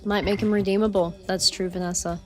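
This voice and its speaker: A woman's voice: mid-range voice, flat delivery, brisk, faint music behind. A woman streaming a game live, chatting casually and rambling with lots of fillers, effusive toward her viewers. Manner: chatty, rambling, frequent fillers, reads chat aloud. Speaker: gaming streamer. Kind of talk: casual live-stream chat while playing.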